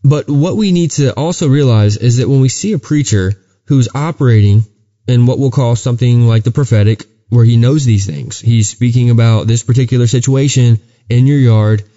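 Earnest man telling a faith story, dark voice. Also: mid-range voice, moderate pace, highs cut off. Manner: earnest storytelling with many restarts. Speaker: podcast co-host. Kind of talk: casual chat and testimony.

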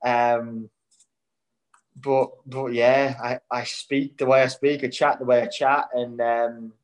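A man's voice: mid-range voice, flat delivery, slow, rough recording. A young man from Australia, a national team footballer, with a Scouse-like Irish-Australian accent, chatting casually in an interview and rambling through restarts as he gets spirited. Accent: Irish-Australian mix, Scouse-like.

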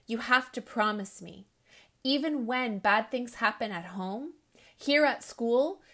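A woman voicing a kind, calm male school principal who speaks quietly and patiently in a storybook reading. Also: mid-range voice.

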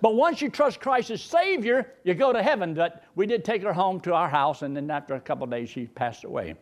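Lively preacher with a high voice. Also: male voice, fairly quick. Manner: folksy storytelling with jokes. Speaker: pastor. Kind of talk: sermon.

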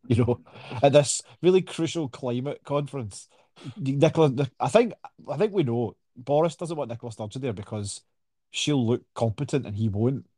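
Dry, wry Scottish man, mellow voice. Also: mid-range voice, animated, normal speed, husky, dry recording. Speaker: podcast co-host. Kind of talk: casual chat.

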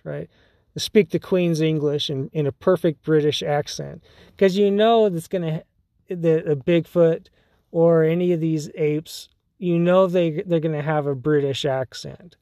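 A man talks through his solo podcast in a loose, rambling way, often breaking into laughter and restarting his sentences. His voice sits a little high for a man but has a dark, mellow tone. He speaks slowly, and the sound is dry and close. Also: no room sound. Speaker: podcast host. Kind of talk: casual solo podcast monologue.

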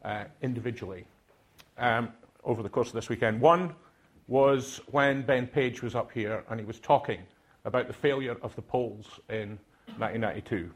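Older Scottish man, husky, mid-pitched, hesitant conference speaker. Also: moderate pace. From Aberdeen, Scotland. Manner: hesitant, many filler sounds and restarts. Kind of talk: reflective speech to a conference audience.

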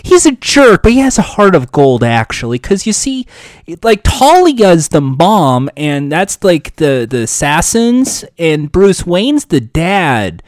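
Rambling podcast dude, voice swings up and down a lot, kinda high, dry close sound. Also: male voice, slow, dry recording. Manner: rambling, animated, laughs often. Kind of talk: casual chat.

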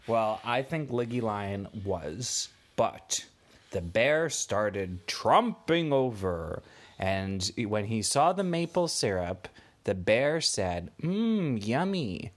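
A man making up a bedtime story for a child, taking his time over every sentence. His voice rises and falls a lot, playful and expressive, as he pulls the listener along. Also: lowish voice. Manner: slow, animated, playful voices. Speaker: parent telling a bedtime story.

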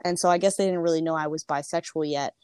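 Chatty young woman, fast and lively. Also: deep voice, clear, resonant tone, no room sound, clean studio sound. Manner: chatty, frequent "like" fillers; lively, acts out quotes. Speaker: storyteller. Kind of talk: personal storytelling.

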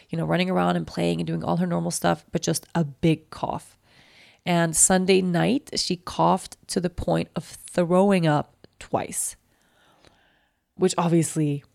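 Woman, 30s, podcast host, very gravelly, lowish voice, candid and emotional, near tears. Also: a little mellow, no room sound, clean studio sound. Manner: candid, emotional, rambling with many fillers. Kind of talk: personal podcast monologue.

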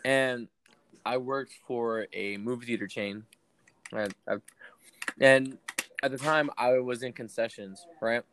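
A young man casually telling a story to friends, animated and full of swearing. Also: medium pitch, slow, long pauses, a little hiss or hum. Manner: animated, swears a lot, acts out quotes. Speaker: podcast co-host.

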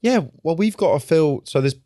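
A man's voice: on the high side, expressive, normal speed, warm tone, no echo, clean studio sound. A man guesting on a podcast, bantering and teasing his friend between laughs. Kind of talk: casual chat.

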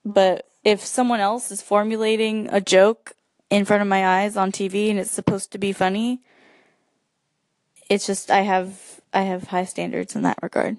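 A woman chatting casually with her sister, talking quickly and filling gaps with "like" and "you know". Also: medium pitch, level tone, dry recording, studio quality. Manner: chatty, fast, lots of fillers. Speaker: sibling in casual chat. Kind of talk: casual chat.

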